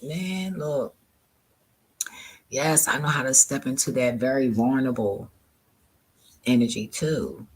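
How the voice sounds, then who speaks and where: A woman's voice: a bass voice, husky. A woman vlogger casually retelling a story to her viewers, profane and exasperated, often laughing.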